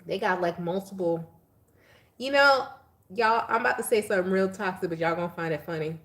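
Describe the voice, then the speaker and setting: A woman's voice: lowish voice, fast talker. Chatty tarot reader woman. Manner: chatty, laughing, animated asides to viewers. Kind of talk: casual live tarot reading.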